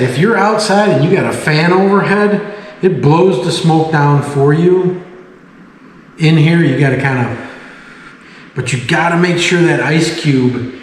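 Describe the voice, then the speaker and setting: Chatty man in a very echoey room. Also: a little high. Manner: chatty, jokey, talks to himself while working. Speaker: home cocktail vlogger. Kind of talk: casual talk while demonstrating. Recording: echoey room audio with long reverb and faint hiss.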